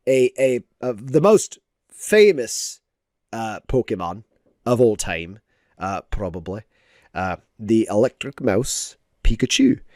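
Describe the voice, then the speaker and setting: A man talks casually on a stream as he works on a drawing, drifting between comments and playful mock lessons full of filler words. He speaks at an unhurried, easygoing pace. His voice sits in a middle pitch and sounds dry and close. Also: dry recording. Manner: rambling, playful mock-teaching with many fillers. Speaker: digital artist streaming. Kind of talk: casual livestream chat while drawing.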